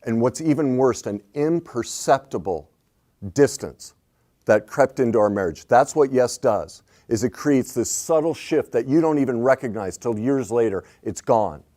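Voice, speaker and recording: A middle-aged man coaching on relationships, swinging between hushed reflection and loud emphatic points. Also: mid-range voice, animated, normal speed. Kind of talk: animated advice talk.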